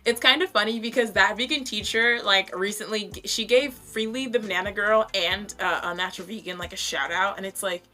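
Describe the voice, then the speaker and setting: Young woman vlogger, bright and crisp, blunt and profane roast commentary with faint music behind. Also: mid-range voice, fairly quick, hardly any pauses. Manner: blunt, profane, chatty with many fillers. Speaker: vlogger reviewing other creators.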